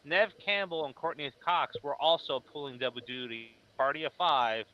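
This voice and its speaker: A podcast co-host chats casually about horror movies in a fairly high-pitched voice at a normal speed, the recording sounding muffled. He speaks emphatically and explains his points at length.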